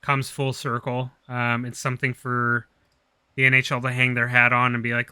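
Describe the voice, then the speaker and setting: A man's voice: medium pitch, monotone, moderate pace, pushed and bright, clear, resonant tone, dry recording. A man co-hosting a hockey podcast, bantering playfully in casual chat. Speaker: podcast co-host.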